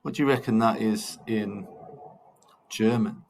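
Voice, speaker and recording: A man teaching German numbers in a recorded classroom lesson. He speaks in a fairly low voice and takes everything very slowly, repeating words for pupils. His asides to the class are cheerful and encouraging. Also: a little mellow, slight background noise. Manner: slow, patient drilling with repeated counting. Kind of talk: recorded language lesson for children.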